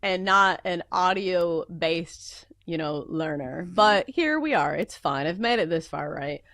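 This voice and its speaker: A woman from the American South hosting a radio show, chatty and quick to laugh, with a runny nose. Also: lowish voice, animated, fairly bright tone, no echo, studio quality. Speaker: radio host. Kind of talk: casual radio chat.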